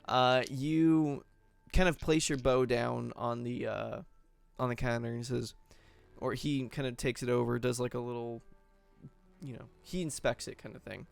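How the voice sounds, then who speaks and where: Male game master, gravelly mid-pitched voice, loose rambling narration, faint music underneath. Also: level tone, normal speed, dry recording. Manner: rambling, filler-heavy narration.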